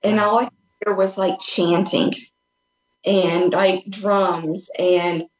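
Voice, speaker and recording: A woman's voice: fairly low pitch, fairly even intonation, takes it slowly. A woman guest telling a personal story in a casual, earnest way, rambling with many restarts and fillers over a remote call. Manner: earnest and open. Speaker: podcast guest. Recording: echoey room.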